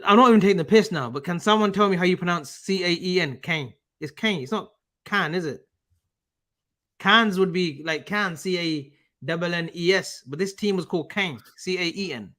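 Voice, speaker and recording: A man co-hosting a casual live-stream chat, animated and bantering. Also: sits high, moderate pace. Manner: animated, banters and argues over pronunciation. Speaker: co-host.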